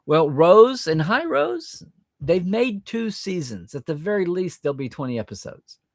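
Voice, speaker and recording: A middle-aged man hosting a live stream, reading viewer comments aloud and reacting in a chatty, animated way. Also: fairly high pitch, moderate pace, no echo.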